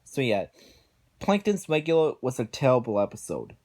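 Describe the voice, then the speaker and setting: A man's voice: medium pitch, sing-song, normal speed, a little mellow. A man giving a casual spoken review of cartoon episodes, exasperated, sighing often and rambling through his points.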